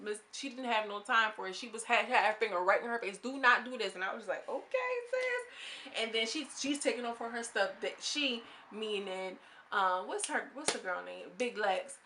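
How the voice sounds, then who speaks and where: Vlogger, young woman, bright forceful tone, blunt slangy reality-show commentary. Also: medium pitch, fairly quick, slight background noise. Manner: candid, slangy, opinionated, goes off on tangents. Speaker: reality TV reviewer. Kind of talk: casual commentary vlog.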